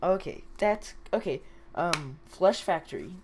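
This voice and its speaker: A young woman chatting with friends during an online game, giving quick callouts and teasing. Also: on the low side, expressive. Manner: bossy callouts, playful teasing. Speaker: gamer. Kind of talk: casual gaming chat. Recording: clear background noise.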